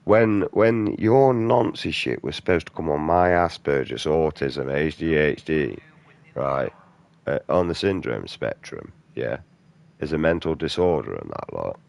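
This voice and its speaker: A man's voice: extremely low pitch, creaky, darkish tone. A man, a gaming streamer delivering an aggressive, profane rant in blunt slang. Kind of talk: angry off-topic rant during gameplay.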